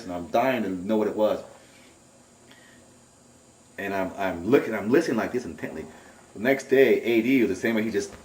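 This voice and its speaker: Captured from a distance in a roomy space, a middle-aged man with a fairly low voice animatedly recounts his own experience during an interview, voicing the alarmed curses he let out at the time.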